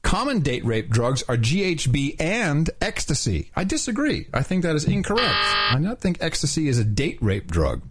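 A husky man with a fairly high voice reads aloud in a casual talk show. He swings his pitch widely, which makes the reading sound mock-solemn. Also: very animated, moderate pace, hardly any pauses, a bit bright. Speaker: podcast host. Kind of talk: casual chat, reading aloud from a children's book.

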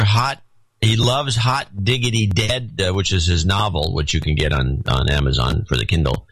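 A man's voice: low voice, a bit bright, dry recording, low-quality recording. A man co-hosting a podcast in casual chat, reading listener notes aloud with a dry, wry delivery. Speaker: podcast co-host.

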